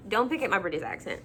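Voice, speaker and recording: Chatty young woman vlogger, higher voice. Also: heavy background noise. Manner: chatty and self-mocking, many fillers. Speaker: book vlogger. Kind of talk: casual chat.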